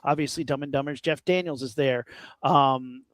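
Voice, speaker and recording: A man's voice: mid-range voice, no room sound, clean studio sound. A man co-hosting a podcast, chatting casually about horror movies in a rambling, joking way. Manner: rambling, animated, quick to joke. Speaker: podcast co-host.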